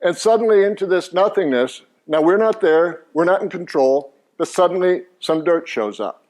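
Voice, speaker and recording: A man's voice: high voice, expressive, moderate pace, darkish tone. An older man presenting a Christian teaching course to a live church audience, joking and asking the crowd questions as he goes. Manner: jovial, engaging the audience with questions and jokes. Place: church meeting room before an audience.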